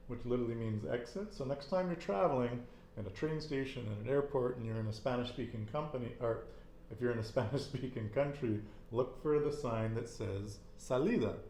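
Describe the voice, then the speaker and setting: A man's voice: mid-range voice, mellow, roomy sound, slight background noise. A man teaching a casual Spanish lesson, patiently repeating words and quizzing his student.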